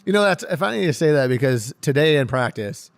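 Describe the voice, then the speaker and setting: An excitable man who laughs his way through his stories on a podcast, his voice climbing whenever he gets going. The tone is smooth and resonant, with a relaxed, chatty flow. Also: fairly high pitch, fairly quick. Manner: animated storyteller who laughs often and gets loud when excited. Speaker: pro hockey defenseman guest. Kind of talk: casual podcast interview.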